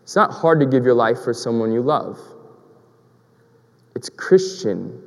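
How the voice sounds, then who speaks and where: A man's voice: mid-range voice, animated, a little slow, vocal fry, long reverb tail. A man preaching a sermon in a conversational, storytelling way, asking rhetorical questions.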